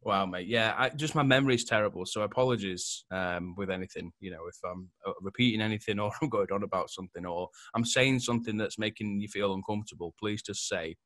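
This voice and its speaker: A bright, laughing, swearing man. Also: lowish voice, quick pace, hardly any pauses, no room sound, studio quality. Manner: laughs a lot, swears freely, rambling. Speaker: podcast host. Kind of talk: casual chat.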